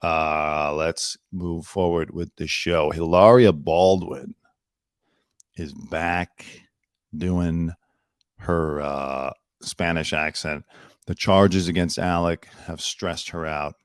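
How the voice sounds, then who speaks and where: Guy hosting his news show, kinda low voice, dry mic, snarky and opinionated. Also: fairly even intonation, slow pace, clear, resonant tone, no room sound. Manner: opinionated, chatty, sarcastic asides. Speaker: host. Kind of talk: casual news commentary.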